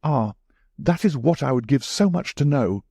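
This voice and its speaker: A man voicing a careworn young gentleman who speaks urgently and with anguish. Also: mid-range voice, lively intonation, moderate pace, creaky, husky, no echo, studio quality, voice pushed up. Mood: distraught.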